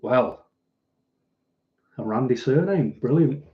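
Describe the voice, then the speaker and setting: A man's voice: mid-range voice, lively intonation, slow pace, dull audio. A man with a Mancunian accent, hosting a casual livestream and answering viewer comments in a dry, self-deprecating way. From Manchester, England. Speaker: livestream host.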